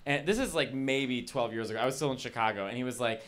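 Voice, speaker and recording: A man doing stand-up, telling animated stories and answering audience questions on stage. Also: medium pitch, fast. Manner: animated, laughing, acts out voices. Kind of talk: stand-up crowd work, casual storytelling. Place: stage in a comedy venue.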